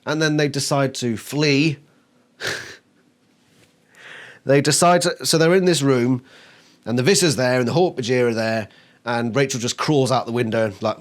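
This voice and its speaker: A man's voice: medium pitch, moderate pace, pauses often. A man reviewing a book on camera, exasperated and swearing constantly, mocking the characters by acting out their lines. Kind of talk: ranting video review.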